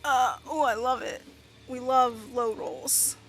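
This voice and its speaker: A woman with a high, bright voice narrates a tabletop game as its game master. She talks chattily and trails off into fillers, with faint music behind her. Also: steady tone, slow pace.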